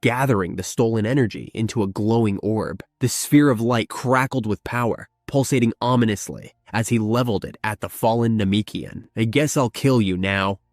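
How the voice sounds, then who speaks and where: Man, storyteller, scripted narration, low voice, dry sound. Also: moderate pace, few pauses, darkish tone, no echo.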